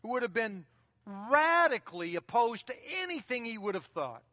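Bright-voiced pastor preaching in a hall. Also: male voice, very high voice, sing-song, moderate pace, clean studio sound. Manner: conversational preaching, repeats key phrases. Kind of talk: sermon. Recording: long reverb of a large hall.

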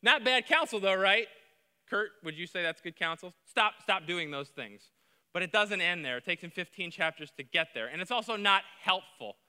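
Bright-voiced preacher in a reverberant hall. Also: male voice, sits high, animated, moderate pace, smooth. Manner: emphatic preaching, swings from quiet to loud. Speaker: pastor. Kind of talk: sermon.

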